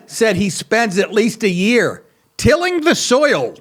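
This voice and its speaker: A man's voice: sits high, big pitch swings, slow, fairly bright tone. A man in his sixties hosting a comedy talk show, crude and sarcastic, often laughing at his own jokes. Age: 60s. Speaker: comedian podcast host.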